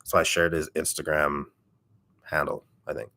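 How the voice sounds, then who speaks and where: Deep raspy man chatting on a livestream. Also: flat delivery, moderate pace, pushed and bright, no room sound. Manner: rambling storytelling full of fillers and swearing. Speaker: ASMR YouTuber. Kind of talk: casual livestream chat.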